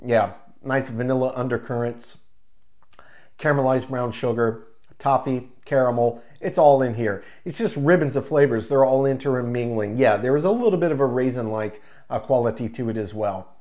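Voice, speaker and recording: A man's voice: medium pitch, moderate pace, darkish tone. Enthusiastic man reviewing a beer. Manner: enthusiastic, descriptive, savoring each word. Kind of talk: casual tasting review.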